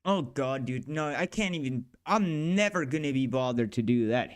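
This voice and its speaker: A man's voice: mid-range voice, expressive, normal speed, hardly any pauses, smooth. A man narrating his game development work in a casual devlog, swearing and grumbling in exasperation as he goes. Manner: profane, exasperated grumbling at the software.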